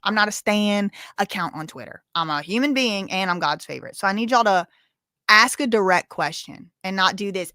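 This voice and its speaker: Lady on a livestream, bright voice, dry close sound, sassy and blunt. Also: mid-range voice, animated, normal speed, no echo. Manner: sassy, blunt, talks straight to chat. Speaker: livestream host. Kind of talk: casual livestream commentary.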